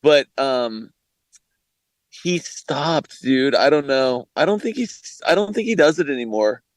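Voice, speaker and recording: A man's voice: mid-range voice, expressive, a little slow, no room sound. A man in casual chat, laid-back and joking with friends.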